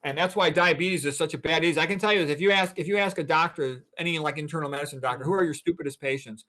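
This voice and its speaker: A man's voice: on the high side, rapid-fire, bright, forceful tone. A man in his sixties, a physician and guest, explaining things in a blunt, emphatic, lecturing way. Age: 60s. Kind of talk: interview talk.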